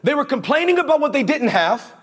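Man preaching, high voice, swooping lively delivery, call-and-response, slangy and animated. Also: fairly quick. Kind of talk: conversational sermon.

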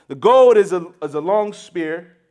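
A man with a high voice delivers a sermon, explaining a passage point by point. He leans into key words, restarts phrases and checks in with the congregation as he teaches. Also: lively intonation, a little slow, darkish tone. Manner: emphatic teaching with frequent restarts and rhetorical "right?". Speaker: preacher.

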